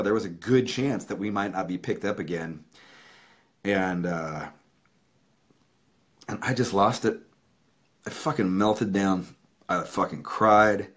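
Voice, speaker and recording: A man's voice: deep voice, a bit bright. A man hosting his own livestream, telling an emotional story in a casual, profane way. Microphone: webcam or phone.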